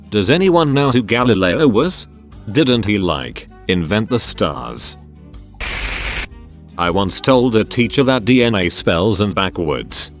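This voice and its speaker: A man narrating online posts aloud in a matter-of-fact storytelling delivery. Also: lowish voice.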